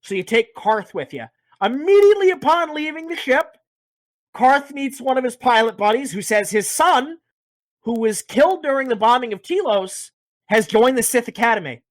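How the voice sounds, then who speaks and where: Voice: high voice, lively intonation, normal speed, dry recording. A speaker casually recapping a video game's story, rambling, joking and swearing a lot. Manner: profane, rambling, jokey. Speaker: podcast host.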